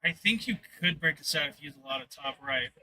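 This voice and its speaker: Casting: quick technical male pool analyst, fast delivery, very bright. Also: a little high, animated, low-quality recording. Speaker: co-commentator. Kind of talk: live stream commentary. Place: sports bar.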